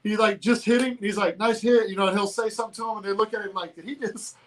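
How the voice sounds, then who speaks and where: A Georgia man co-hosts a casual political talk show, animated and laughing often as he speaks very fast in a high-sitting voice. The recording quality is low.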